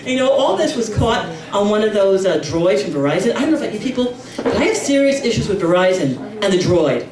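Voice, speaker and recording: A middle-aged woman performing a brash stand-up comedy routine, now and then breaking into shrill squealing voices for her relatives. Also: big pitch swings, fairly quick, few pauses, distant mic, background noise. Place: comedy club. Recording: echoey club room, mic heard from afar, audience laughter. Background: crowd laughing.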